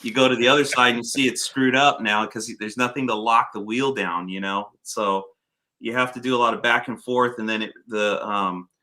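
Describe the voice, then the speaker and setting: Bright-toned guy hosting a laid-back chat, swears a lot, gets loud retelling stuff. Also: mid-range voice, moderate pace. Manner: storytelling, swears freely, animated when retelling. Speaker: podcast host. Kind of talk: casual chat.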